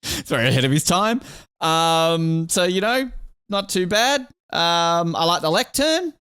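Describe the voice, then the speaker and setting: A man hosting a casual podcast, talking in a lively, irreverent way and swearing freely. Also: on the high side, measured pace, smooth, dry recording, studio quality. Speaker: podcast host.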